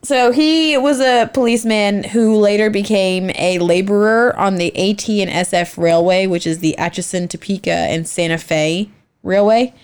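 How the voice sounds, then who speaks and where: A woman's voice: medium pitch, steady tone, moderate pace, clean tone. A woman co-hosting a casual podcast, reading from her notes, tripping over names and poking fun at herself. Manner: reads from notes, stumbles on names, self-mocking. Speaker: podcast co-host. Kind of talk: casual true-crime podcast chat.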